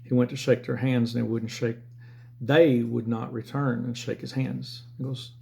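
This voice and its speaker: A man's voice: medium pitch, little pitch movement, moderate pace, gravelly, mellow. A middle-aged man with a Southern American accent, telling sales stories in a blunt, profane, rambling way. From Southern United States. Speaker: former car and motorcycle salesman. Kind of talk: casual storytelling monologue.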